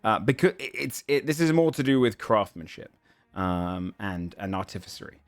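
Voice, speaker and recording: A man narrating a tabletop game as game master, halting with fillers and restarts. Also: fairly low pitch, no room sound.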